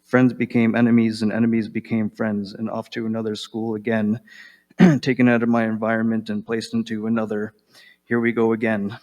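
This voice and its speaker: A man reading his own personal letter aloud, slow and measured, pausing often and clearing his throat. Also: lowish voice, level tone, a little mellow, big-room sound.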